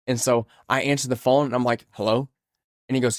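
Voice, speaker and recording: A man's voice: medium pitch, a little fast, dry recording. Young man telling a story, dry sound. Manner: storytelling, animated retelling. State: sick, feeling weak. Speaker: podcast co-host. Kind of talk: casual chat.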